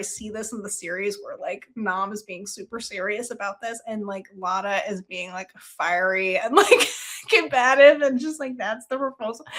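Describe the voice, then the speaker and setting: A woman chatting through a book review, her voice swinging widely as she acts out quoted lines. She sits a little high in pitch and breaks into laughter again and again. Her talk is loose and casual, with the odd swear word. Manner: laughs often, animated retelling with quoted dialogue.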